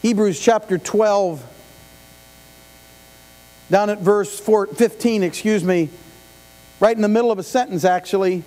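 Unhurried and prone to long pauses, a middle-aged male pastor speaks in a high, mellow voice during a conversational sermon. He asks the congregation questions and adds asides as he goes. The live stream from the sanctuary has long reverb and mains hum.

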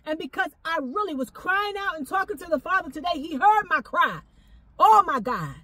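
A woman giving a fervent prophetic exhortation, repeating phrases and breaking into shouts of praise. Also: extremely high pitch, a little hiss or hum. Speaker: prophetic minister.

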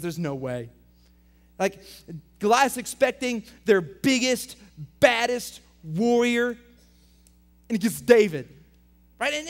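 A young adult man preaching to middle schoolers as their pastor, energetic, swinging between loud emphatic lines and quiet intense questions. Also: very high-pitched. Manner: reads scripture aloud, asks students direct questions. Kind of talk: youth sermon.

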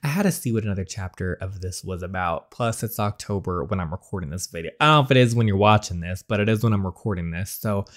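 Animated man reacting to a story game. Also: low voice, quick pace, hardly any pauses. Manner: animated, chatty, sarcastic asides. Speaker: gaming YouTuber.

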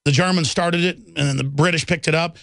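Guy hosting a talk radio show, high voice, ranting hard and combative, dry close sound. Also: steady tone, brisk, gravelly, fairly bright tone, no echo. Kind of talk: fiery political monologue.

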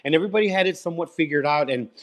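A man guest from Chicago telling his life story in a live interview, animated and repeating himself as he acts out quoted voices. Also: on the high side, very fast.

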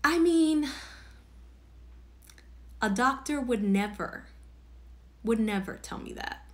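A woman's voice: on the high side, expressive, slow pace. A woman hosting a podcast, telling her own birth story in an earnest, heartfelt way. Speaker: podcast host.

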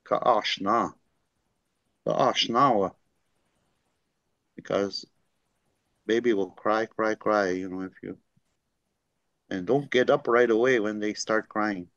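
A man teaching through unhurried stories, full of fillers and the tag "eh?". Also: lowish voice, a bit bright, no room sound. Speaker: language teacher. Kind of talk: storytelling teaching talk. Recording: dry, dull lo-fi recording.

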